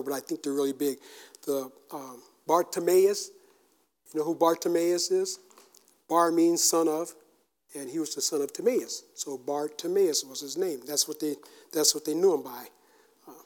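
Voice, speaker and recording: Animated high-voiced male preacher. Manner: animated, shouts out acted quotes; casual, conversational with fillers and restarts. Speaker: pastor. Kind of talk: sermon.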